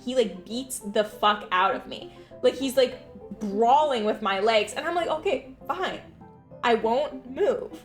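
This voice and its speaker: A young adult woman streamer telling stories in a casual, animated chat, swearing freely. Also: mid-range voice.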